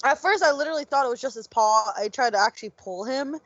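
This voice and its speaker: A woman's voice: sits high, expressive, quick pace, fairly bright tone. A woman chatting casually on a podcast, telling rambling stories full of fillers. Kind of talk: casual chat. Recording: dull lo-fi sound.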